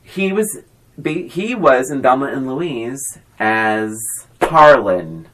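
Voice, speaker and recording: A woman's voice: very deep voice, slow, background noise. A woman co-hosting a podcast, chatting casually about a movie and acting out its lines. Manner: animated, acts out movie lines with big swings. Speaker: podcast co-host.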